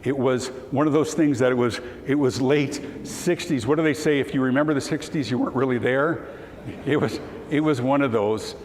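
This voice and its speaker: A man giving a storytelling keynote talk to an audience, animated and at times choked with emotion as he acts out the dialogue. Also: mid-range voice, normal speed. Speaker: keynote speaker. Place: conference hall. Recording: hall reverb, faint room noise.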